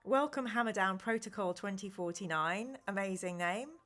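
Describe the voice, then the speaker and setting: Animated woman reading a gamebook on stream. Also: medium pitch, moderate pace. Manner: animated, exclaiming and reacting to chat. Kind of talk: live-stream gamebook reading with chat banter.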